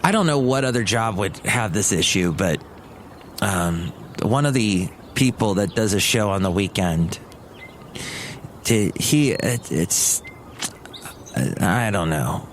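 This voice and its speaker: Rambling, chatty podcast host. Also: male voice, lowish voice, expressive, slow pace, long pauses, a little hiss or hum. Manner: rambling, chatty, wanders off topic. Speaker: podcast host and radio worker. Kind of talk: rambling solo comedy podcast.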